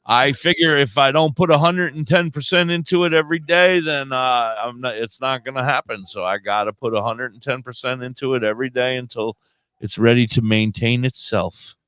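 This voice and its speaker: A man's voice: medium pitch, fairly quick, a bit bright, clean tone, no echo. A man hosting a casual radio podcast, joking loosely and greeting listeners by name. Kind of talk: casual stoner chat.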